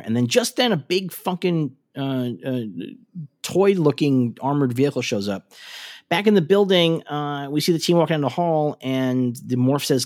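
A man's voice: medium pitch, a little mellow. A man co-hosting a podcast who casually recaps a cartoon episode, rambling with lots of fillers and the odd curse. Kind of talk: casual chat.

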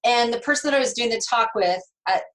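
Animated middle-aged woman telling her story. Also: a little high, fast talker, rough recording. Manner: animated, emotional storyteller with laughs and restarts. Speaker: guest, nurse and speaker. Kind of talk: conversational interview storytelling.

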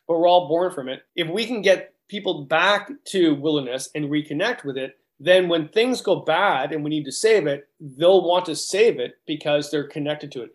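A man, a guidebook author talking as a guest in a hyper, rambling way with many restarts. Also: on the high side. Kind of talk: casual interview chat.

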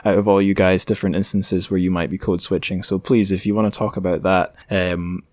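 Scottish male podcast host, low-pitched, chatty and rambling, dry close recording. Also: flat delivery, brisk, a little mellow, dry recording. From Scotland. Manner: chatty, rambling, self-correcting. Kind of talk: casual solo podcast chat.

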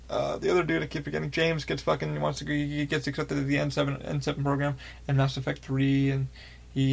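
A man hosting a podcast, telling a rambling, excitable story with lots of swearing and fillers. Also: on the high side, vocal fry, breathy edge. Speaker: podcast host. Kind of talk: casual storytelling.

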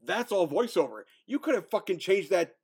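A man co-hosting a casual film review chat, blunt and profane, breaking into loud bursts of mock outrage. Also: high-pitched, big pitch swings, moderate pace, husky. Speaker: podcast co-host.

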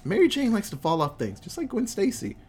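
Brief: podcast co-host, excitable and profane, very animated pitch. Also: fairly quick, husky. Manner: excitable, profane, laughing often. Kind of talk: casual movie recap.

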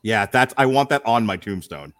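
A man's voice: lowish voice, lively intonation, normal speed, fairly bright tone, dry recording, clean studio sound. A man hosting a casual film review podcast, rambling and teasing his co-hosts with jokes. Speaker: podcast host.

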